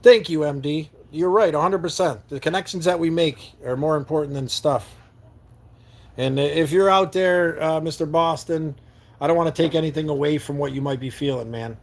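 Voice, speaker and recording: Live-streaming from a camper van, a New York State man responds to viewer comments with heartfelt earnestness. He speaks at a normal speed in a fairly high voice, frequently repeating words as he hunts for the right one.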